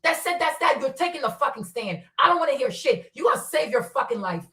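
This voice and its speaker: A woman's voice: sits high, lively intonation, a little fast, a bit bright, distant mic. A woman giving impassioned commentary, blunt and profane, firing off rhetorical questions. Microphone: streaming setup. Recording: roomy sound from away from the mic.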